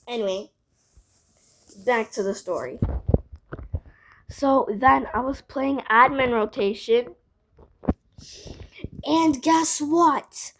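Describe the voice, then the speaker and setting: A woman's voice: sits high, slow, pauses often, slight background noise. A female voice telling a casual storytime vlog, rambling with lots of "like" and side remarks. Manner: rambling, filled with "like", frequent asides.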